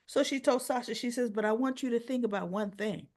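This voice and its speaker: A woman's voice: on the high side, moderate pace, hardly any pauses. A woman hosting a casual soap opera recap, retelling scenes and acting out the characters' lines. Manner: animated storyteller, acts out quoted dialogue.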